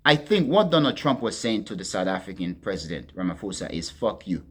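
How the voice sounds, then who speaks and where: A man hosting a political commentary monologue, talking to his listeners as friends in a deliberate, emphatic way and leaning hard on key words. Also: low-pitched, big pitch swings. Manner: deliberate, addresses listeners as friends, stresses words with sharp swings in loudness.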